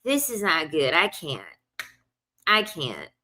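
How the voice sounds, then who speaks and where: A woman's voice: low voice, huge pitch swings, slow pace, pushed and bright. A young woman telling a casual storytime rant, blunt and profane, repeating lines for emphasis. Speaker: vlogger.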